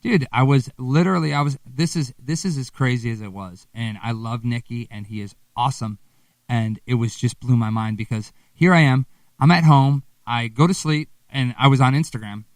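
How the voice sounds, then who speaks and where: A man's voice: medium pitch, normal speed, no echo. Laid-back young man talking shop, far from the mic. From Wisconsin. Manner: laid-back, swears freely, animated storytelling. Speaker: guest musician. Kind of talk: casual interview chat.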